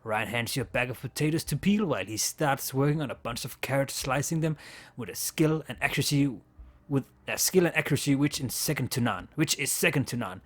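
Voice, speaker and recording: Guy reading a text game out loud, trips on big words, laughs a lot, swears here and there. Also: medium pitch, lively intonation, brisk. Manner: stumbles over words, laughs, swears casually. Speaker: game player reading aloud. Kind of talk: casual let's-play narration.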